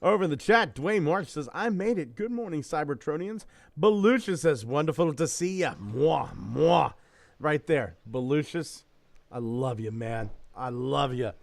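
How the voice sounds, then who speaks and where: A man's voice: on the high side, animated, normal speed, no room sound. A man hosting a podcast, talking loosely and joking, swearing freely. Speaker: podcast host. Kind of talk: casual chat.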